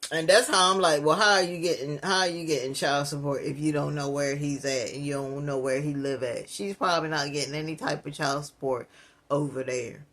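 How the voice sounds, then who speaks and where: A slightly high-voiced man runs a reaction channel, chatting straight to his viewers in a loose, casual way. He pokes fun at the clip he is watching and lectures his audience between jokes. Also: fairly even intonation, fairly quick, a bit bright. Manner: mocking, laughs at the clip, addresses viewers as y'all. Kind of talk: reaction commentary.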